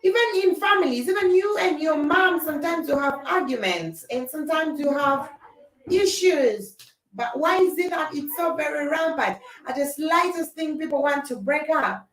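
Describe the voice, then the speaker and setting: A woman chatting with her live audience in an animated way, laughing often and acting out quarrels. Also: high-pitched, normal speed, a little hiss or hum. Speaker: livestream host. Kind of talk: casual chat with live comments. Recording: echoey room.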